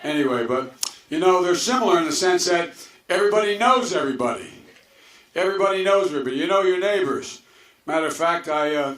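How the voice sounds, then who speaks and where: A man's voice: fairly high pitch, a bit bright. An older man from Delaware giving a campaign speech to a crowd, a folksy, rambling storyteller with chuckles and asides. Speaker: political candidate. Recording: echoey hall with faint noise.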